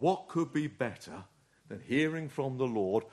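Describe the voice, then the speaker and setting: A man's voice: medium pitch, lively intonation, a little slow, darkish tone. A man preaching a sermon, earnest and urging, often putting rhetorical questions to his listeners.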